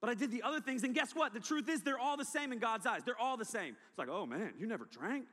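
High bright preacher in a hall. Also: male voice, fast. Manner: animated storytelling, acting out past self. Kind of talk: testimony sermon. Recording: long hall reverb.

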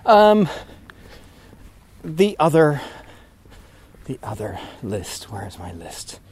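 A priest podcaster recording a casual vlog outdoors while walking, a bit out of breath, talking in a rambling, easily distracted way. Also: male voice, medium pitch, big pitch swings, slow pace, darkish tone, husky. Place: outdoors on a walk at sunset.

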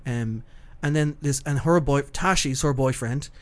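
A man's voice: medium pitch, a little slow. A man hosting a podcast in casual, rambling chat, swearing freely and laughing easily. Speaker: podcast host.

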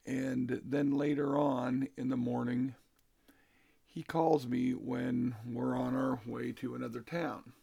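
Man, middle-aged, husky raspy voice, casual storytelling monologue, exasperated. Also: medium pitch, flat delivery, slow, mellow. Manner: recounting conversations, exasperated.

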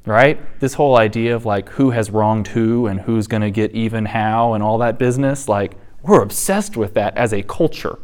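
A man in his thirties giving a conversational church teaching, telling family stories with animated, laughing asides. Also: fairly low pitch, moderate pace, few pauses, clean tone. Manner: storytelling, animated, acts out quotes with laughter.

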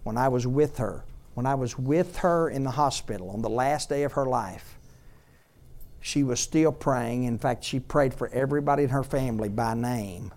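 As pastor, this man delivers a sermon that repeats lines for emphasis and moves from loud, shouted high points down to soft storytelling. He speaks at a medium pitch and a moderate pace.

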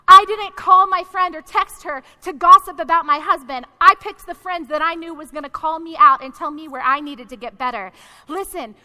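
A woman's voice: extremely high pitch, pushed and bright. A woman pastor preaching a sermon to her congregation in a direct, conversational way. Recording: long hall reverb.

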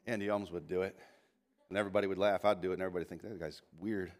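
A lead pastor preaches in a church sanctuary with a low-pitched, rapid-fire voice. He is animated, full of restarts and asides, and raises his voice when reading scripture aloud.

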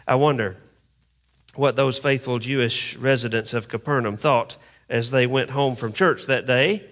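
A man, a pastor, preaching a conversational sermon with humorous asides, speeding up for jokes and slowing for emphasis. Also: a little high, fairly bright tone. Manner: conversational, humorous storytelling, pace shifting from quick asides to slow emphasis.

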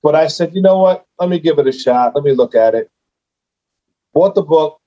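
A man's voice: a little high, animated, moderate pace, mellow, muffled recording. A man who is a guest on a podcast, telling his story casually and animatedly, acting out his own reactions.

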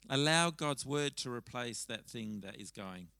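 A man preaching a sermon at a church service, talking conversationally and telling stories with lively restarts. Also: mid-range voice, unhurried, vocal fry, no echo, poor audio. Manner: conversational, animated storytelling with frequent restarts. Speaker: pastor.

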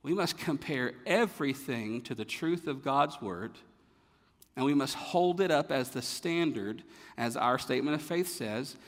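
A man's voice: mid-range voice, lively intonation, a little slow. Man preaching in a reverberant hall. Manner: rhetorical questions, rising to emphatic peaks then dropping quiet. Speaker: pastor. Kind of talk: sermon.

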